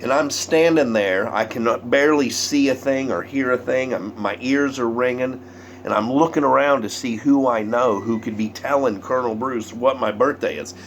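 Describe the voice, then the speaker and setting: A man's voice: mid-range voice, normal speed, a little hiss or hum. A man telling a personal story, acting out the quotes and dropping to whispers. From Southern United States. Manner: animated, acts out quotes, drops to whispers. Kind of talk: spoken story performance.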